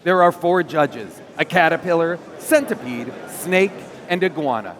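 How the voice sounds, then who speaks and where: A man narrating the stage directions at a live staged reading on a theater stage, lively and playful. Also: fairly high pitch, a little slow.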